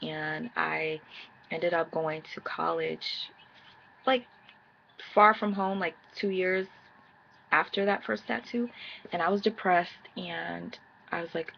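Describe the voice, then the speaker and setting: A woman's voice: on the low side, slow pace, vocal fry, lo-fi sound, slight background noise. A woman around thirty telling a personal story to camera in casual slang, acting out the quoted dialogue. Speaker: vlogger.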